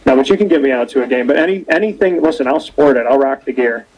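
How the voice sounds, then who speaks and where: A young man hosting a casual interview show, telling stories with animated quoting. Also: mid-range voice, fast talker, low-quality recording. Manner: lively storyteller, animated quoting. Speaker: show host. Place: cold rink-side spot, outdoors or arena.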